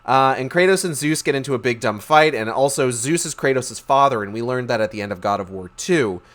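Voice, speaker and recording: A man's voice: medium pitch, animated, fairly quick, fairly bright tone. A man casually recapping game lore with sarcastic, profane, slangy humor and lots of fillers.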